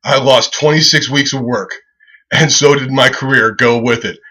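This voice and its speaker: A comedian rambling casually as he pitches a website, profane and excitable, who keeps breaking into laughter at his own jokes. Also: moderate pace, poor audio. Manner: profane, excitable, loose storytelling.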